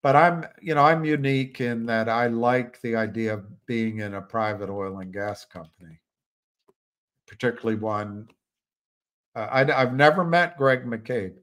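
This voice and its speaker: This older man, a livestream host, chats in a rambling, musing way full of restarts. His voice is medium in pitch and fairly bright in tone, and he keeps a measured pace.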